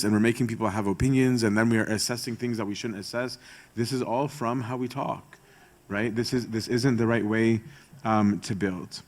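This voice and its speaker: A man, a priest, giving a conversational teaching talk to church servants, often checking in with "right?". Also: medium pitch. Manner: casual, keeps asking "right?" and acts out gossip in quoted voices.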